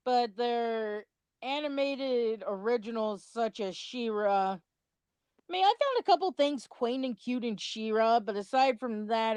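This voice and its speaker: Slow-talking young woman, smooth voice. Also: on the high side, a little mellow, no room sound. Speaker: co-host of a commentary video. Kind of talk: casual commentary chat.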